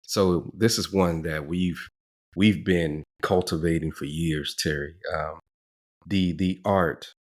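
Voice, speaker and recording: Podcast co-host, male, low bass voice, measured and reflective delivery. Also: steady tone. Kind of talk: casual podcast discussion.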